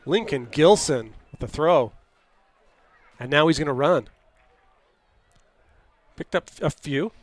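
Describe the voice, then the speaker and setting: Chatty man calling high school football. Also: animated, takes it slowly, long pauses. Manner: chatty, laughs easily. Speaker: play-by-play announcer.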